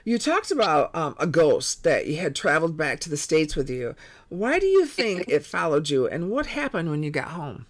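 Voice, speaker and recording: A woman's voice: low voice, big pitch swings, moderate pace. A woman hosting an interview podcast, asking her guest open questions in an encouraging way. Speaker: podcast host.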